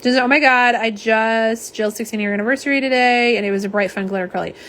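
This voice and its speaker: A woman's voice: on the high side, fast, a bit bright, slight background noise. Chatty woman hosting a livestream. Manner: chatty, reads viewer comments aloud, says y'all. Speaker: nail polish livestream host. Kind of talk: live unboxing and swatching chat.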